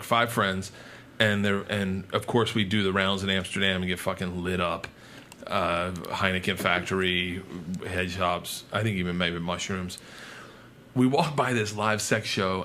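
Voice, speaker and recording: A man, a podcast guest, telling a wild story loudly and profanely, breaking into shouts. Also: lowish voice, slight background noise. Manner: loud, profane, shouts in bursts. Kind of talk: animated storytelling.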